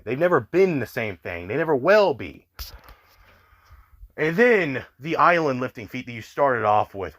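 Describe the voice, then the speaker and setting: A man's voice: mid-range voice, fairly bright tone. A young man ranting in exasperated online commentary, swearing often and filling his talk with "like". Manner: exasperated, swears a lot, many fillers. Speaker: commentary youtuber.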